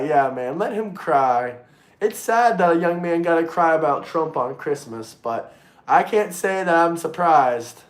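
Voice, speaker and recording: A man hosting a casual livestream and talking to his chat, excitable, swearing freely and repeating himself. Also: fairly high pitch, a little slow. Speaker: livestream host reading chat. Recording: roomy echo.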